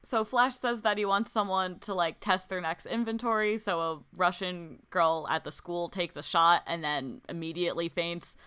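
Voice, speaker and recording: A woman chatting through a movie recap in a relaxed, rambling way, peppering her sentences with "like." Her voice sits a little low for a woman but rings bright. Her words come out smooth and clean. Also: normal speed, hardly any pauses. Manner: laid-back storytelling with frequent "like" fillers and laughs. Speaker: podcast co-host recapping a film. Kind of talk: casual chat.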